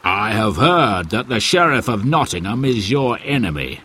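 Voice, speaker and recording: A man reading a storybook aloud, voicing a tall, broad, stubborn stranger who speaks slowly, firmly and defiantly. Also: on the low side, sing-song, pushed and bright, breathy edge, full character voice. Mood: earnest. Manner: slow, firm and defiant.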